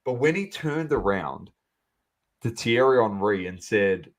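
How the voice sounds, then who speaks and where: A man co-hosting a sports podcast, chatting casually and animatedly, calling out to the audience as ladies and gentlemen. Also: on the low side, a little slow. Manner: animated, banter-heavy, addresses listeners as ladies and gentlemen. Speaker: podcast co-host.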